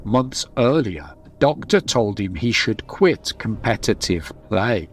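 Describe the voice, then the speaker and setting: A man's voice: lowish voice, big pitch swings, slow. A man co-hosting a casual podcast, running a quiz in a teasing, dry, jokey manner. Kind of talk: casual chat.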